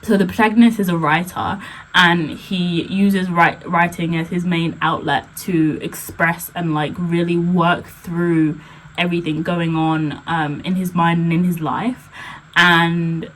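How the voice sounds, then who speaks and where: A woman's voice: on the low side, fairly even intonation, unhurried, fairly bright tone, low-quality recording. A woman blogger and poet talking casually on a vlog, chatty and full of "like" and "um" fillers. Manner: chatty, heavy use of "like" and "um" fillers.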